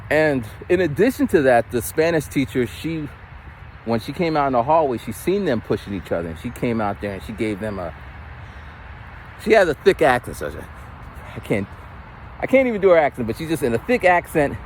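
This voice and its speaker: Man, teacher, casual walking vlog, lively swooping pitch, faint street traffic, phone mic. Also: fairly quick, rough recording. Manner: animated, mimics voices with big pitch jumps. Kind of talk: casual storytelling while walking. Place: outdoors on a street. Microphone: phone camera held while walking.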